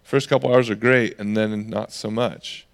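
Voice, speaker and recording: A man preaching a conversational sermon as pastor, animated and lively, slipping into the voices of the people he quotes. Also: lowish voice, normal speed, creaky.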